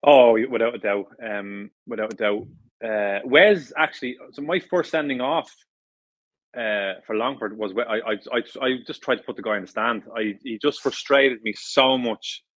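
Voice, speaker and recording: A man's voice: medium pitch, moderate pace, fairly bright tone, no echo, poor audio. A middle-aged Irish man, a former footballer, telling stories in a casual interview, rambling with many restarts and fillers. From Ireland. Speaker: former footballer, podcast guest.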